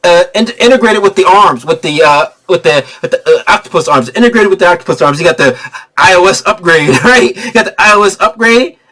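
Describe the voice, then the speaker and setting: A man rambles through a spoiler-filled movie review in a casual vlog. His fairly high-pitched voice is loose and slangy, full of restarts, and he keeps breaking into laughter as he gets excited. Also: brisk.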